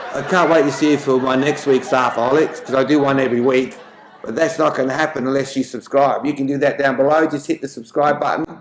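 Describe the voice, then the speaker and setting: A man's voice: a little high, background noise. A man hosting a show and telling jokes in a chatty way, lightly mimicking the characters. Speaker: joke-telling host. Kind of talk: casual joke telling. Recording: echoey room.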